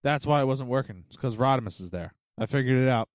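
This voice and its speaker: A man's voice: medium pitch, fast, no room sound, clean studio sound. A man co-hosting a podcast, casually chatting in teasing, jokey banter. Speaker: podcast co-host. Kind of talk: casual chat.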